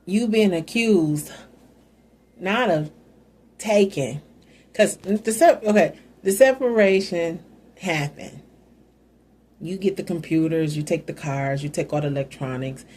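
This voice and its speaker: A woman hosts a casual talk on a Bible story. She muses aloud and keeps adding side notes. Her voice is soft and husky, with a dark, mellow timbre. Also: on the low side, measured pace, long pauses. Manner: conversational, musing, with asides. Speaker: host.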